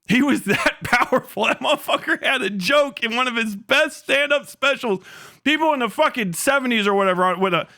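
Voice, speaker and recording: A man's voice: very high voice, fairly quick. A young man hosting a livestream, talking in a loose, profane rant and laughing often. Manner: profane, excitable, laughs often, slips into mock voices. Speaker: livestream host.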